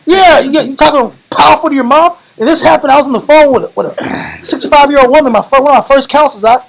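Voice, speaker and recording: A young man preaching a lively, slangy sermon, animated and calling the room bro. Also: very high voice, fast talker, vocal fry, a little hiss or hum, poor audio. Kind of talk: lively street-style sermon.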